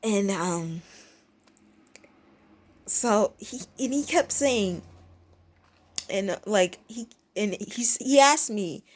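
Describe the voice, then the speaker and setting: A young woman vlogger tells a story casually and ramblingly, speaking slowly with lively intonation and frequent pauses. She interrupts herself, restarts sentences, and mimics others in high, squeaky bursts.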